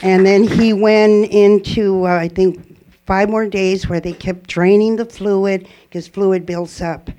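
Earnest woman with a mellow voice. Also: medium pitch, fairly even intonation, slow pace. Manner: earnest, rambling, with frequent restarts. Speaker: church member giving a testimony. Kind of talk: personal testimony to a congregation.

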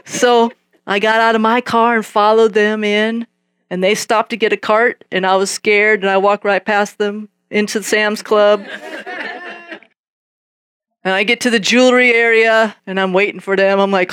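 A woman telling a faith testimony in a relaxed, conversational way. She acts out every exchange and keeps laughing as she goes. Her voice sounds dry and close, at a mid pitch. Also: normal speed, smooth, dry recording. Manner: lively storytelling, acts out both sides of conversations; laughs often while telling. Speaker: speaker sharing a Christian testimony. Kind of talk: casual spoken testimony.

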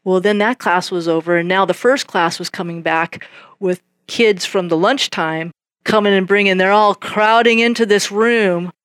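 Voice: medium pitch, normal speed, clean tone, no echo, studio quality. A preacher telling a testimony story in a sermon, acting out the dialogue in different voices. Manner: animated, acts out dialogue in quoted voices.

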